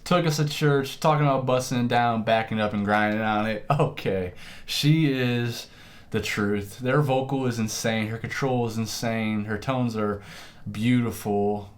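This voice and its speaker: A man's voice: mid-range voice, unhurried. A man hosting a music reaction, talking casually and effusively, rambling and swearing freely.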